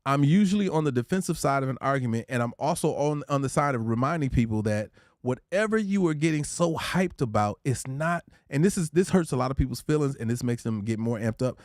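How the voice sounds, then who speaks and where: A man hosting a casual livestream, talking through relationship advice in an easygoing, preachy way and shouting out his chatters by name. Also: mid-range voice, expressive, brisk, hardly any pauses, no room sound, studio quality. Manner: reads out viewer comments and shouts out chatters; laid-back, conversational, preachy about relationships. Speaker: livestream host.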